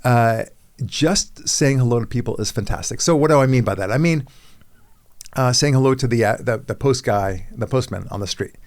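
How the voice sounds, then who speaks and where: A man's voice: mid-range voice, moderate pace, a little mellow. A middle-aged man hosting a podcast in casual chat, rambling and self-mocking, often repeating his words as he starts sentences. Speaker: podcast host.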